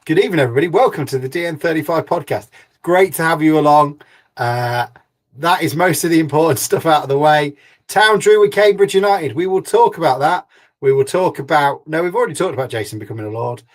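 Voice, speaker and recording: A man's voice: a little high, brisk. A man hosting a fan podcast in casual chat, jokey and teasing. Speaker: podcast host.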